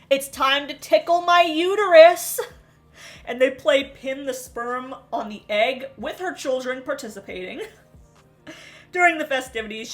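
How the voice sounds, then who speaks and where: A woman with a high, bright voice recaps a reality show in a chatty, sarcastic way. She laughs often and swings between mock outrage and easy commentary. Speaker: recap host.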